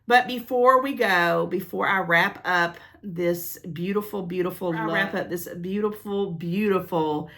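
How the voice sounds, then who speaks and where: A woman's voice: on the low side, measured pace, few pauses. A middle-aged woman chatting casually on her vlog, rambling and gushing to a friend and her viewers as she opens gift mail. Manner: squealing with excitement. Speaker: vlogger opening gift mail.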